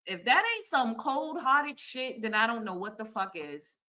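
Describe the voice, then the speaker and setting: A woman telling a personal story on a live stream, animated and profane, acting out the quoted dialogue. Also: fairly high pitch, a little slow. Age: adult. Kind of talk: casual storytime rant.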